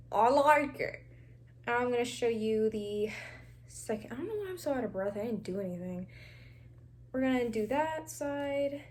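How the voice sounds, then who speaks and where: Chatty young woman doing a hair tutorial. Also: on the high side. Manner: chatty, talks straight to viewers as "girl" and "y'all", laughs often; drops to a near whisper while twisting hair. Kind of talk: casual hair tutorial chat.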